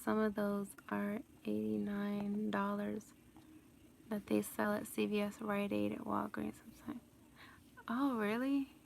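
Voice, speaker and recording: A woman vlogger chats casually on a live stream, answering viewer questions while rambling, laughing often, and saying "like" and "you know" a lot. Her medium-pitched voice is gravelly, her delivery flat and a little slow. There is slight background noise.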